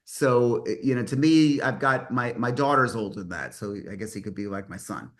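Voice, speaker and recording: A man's voice: mid-range voice, moderate pace, a little hiss or hum. Man, 50s, mastermind host on a video call; casual, rambly, enthusiastic. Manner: rambling, self-correcting, enthusiastic. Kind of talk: casual online meeting talk.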